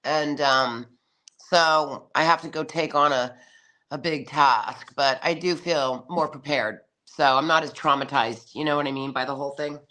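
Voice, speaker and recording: A woman chatting on her live stream in a dramatic, foul-mouthed way, calling everyone darling. Her voice has a crisp, bright edge. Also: low voice, fairly even intonation, moderate pace. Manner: dramatic, swears freely, calls people darling. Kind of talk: casual live-stream chat.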